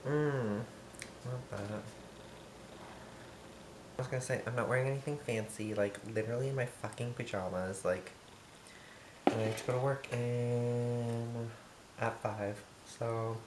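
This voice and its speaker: A teenage guy from Montana rambles through a baking vlog in his kitchen, camp and sassy, swearing freely. His voice sits at a middling pitch. The room echoes, and steady noise runs underneath. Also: measured pace, pauses often. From Montana, USA. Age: teens. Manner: sassy, campy and profane. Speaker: vlogger. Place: home kitchen.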